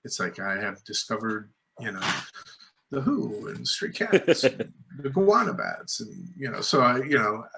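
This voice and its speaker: A man's voice: medium pitch, sing-song, a little slow, vocal fry, sharp tone. A man, a filmmaker guest, tells rambling anecdotes full of fillers and restarts, acting out other people's lines in a raised voice. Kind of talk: casual storytelling in a podcast interview.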